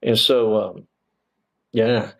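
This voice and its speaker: A man's voice: lowish voice, steady tone, extremely slow, vocal fry, fairly bright tone, rough recording. A man, a former police officer telling his story as an interview guest in a rambling way, full of restarts and fillers.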